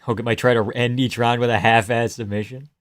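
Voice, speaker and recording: A young man hosting a livestream, reacting to a fight with casual, profane commentary, yelling advice at the fighters and laughing often. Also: medium pitch, brisk. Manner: excitable, profane, yells at fighters, frequent laughs. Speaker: livestream host.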